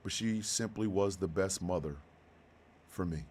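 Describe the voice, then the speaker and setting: A man in his fifties hosting a radio show, talking slowly and with deep feeling about personal loss. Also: a little hiss or hum. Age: 50s. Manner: heartfelt, slow and halting, then bursts of loud excitement. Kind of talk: emotional monologue.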